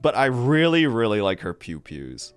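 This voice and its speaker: Animated, laughing game streamer. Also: mid-range voice, normal speed, smooth, no echo, soft background music. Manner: animated, laughs often, rambling. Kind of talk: casual chat with live chat.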